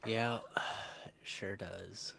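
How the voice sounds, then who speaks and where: A man's voice: on the low side, steady tone, extremely slow, vocal fry, bright, forceful tone. A man co-hosting a sports podcast, chatting casually with short, laid-back replies. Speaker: podcast co-host.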